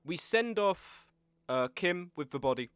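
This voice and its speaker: A man's voice: high-pitched, lively intonation, measured pace, smooth, dry recording. Wry young male streamer with sore throat. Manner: chatty, wry, reads chat aloud while eating. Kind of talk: casual game stream commentary.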